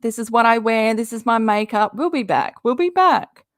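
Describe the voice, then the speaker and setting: A woman's voice: a little high, little pitch movement, fairly quick, no room sound, clean studio sound. A woman hosting a live stream of drama commentary. She talks bluntly and heatedly, swears freely, and reads viewer comments from the chat.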